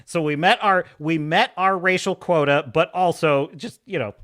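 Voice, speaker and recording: A man's voice: a little high, normal speed, fairly bright tone. A man hosting a live show, mockingly reviewing a film with frequent laughter and acted-out scenes. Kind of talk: sarcastic film review rant.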